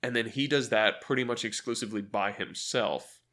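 A man in casual chat, pitching a story idea and acting out quick quoted lines, often laughing. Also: bright, forceful tone.

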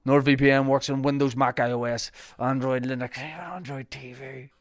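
A man's voice: mid-range voice, fairly even intonation, unhurried. A man with a Northern Irish accent hosting a podcast, chatting jokily and reading sponsor ads in a rambling, loose way. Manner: rambling, jokey, with fillers and restarts. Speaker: podcast host. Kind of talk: casual podcast chat and sponsor reads.

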